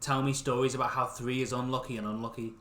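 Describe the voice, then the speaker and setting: Co-host, animated, joking, bright voice, echoey room. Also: mid-range voice, quick pace. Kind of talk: casual chat. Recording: roomy echo.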